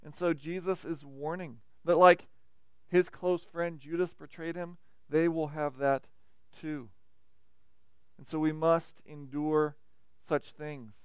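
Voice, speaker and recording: A man's voice: on the high side, fairly even intonation, slow pace, long pauses, clear, resonant tone, dry recording. A man preaching a sermon, with dynamic emphasis and frequent questions to the listeners.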